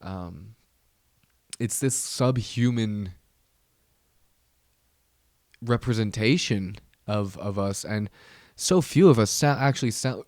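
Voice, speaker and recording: A man's voice: mid-range voice, a little slow, darkish tone, dry recording, clean studio sound. A man hosting a casual solo podcast, rambling, with many restarts and trailing fillers. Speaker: podcast host.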